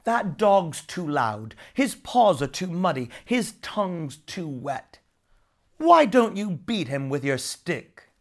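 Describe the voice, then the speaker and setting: A storyteller voicing a sharp-tongued, hot-tempered young wife who snaps and shouts, in a storybook read-aloud. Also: mid-range voice, animated, slow, hardly any pauses. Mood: scolding. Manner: snapping, loud and cross.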